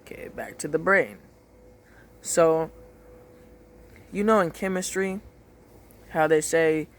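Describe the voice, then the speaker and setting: A man's voice: on the high side, steady tone, slow, long pauses, background noise. A man ranting in casual talk, emphatic and profane, repeating his points. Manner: emphatic, swears a lot, repeats phrases.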